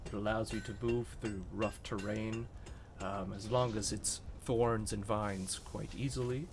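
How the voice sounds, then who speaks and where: A man voicing a calm stone elemental merchant in a tabletop game, speaking slowly and formally. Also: fairly low pitch, slight background noise. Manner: slow, formal salesman talk.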